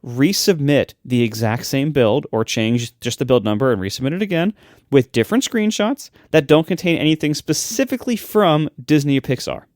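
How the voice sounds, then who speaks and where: Podcast guy laying out what to do, kinda wry, lively voice, no room sound. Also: medium pitch, moderate pace, no echo, clean studio sound. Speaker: podcast co-host. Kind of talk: casual chat.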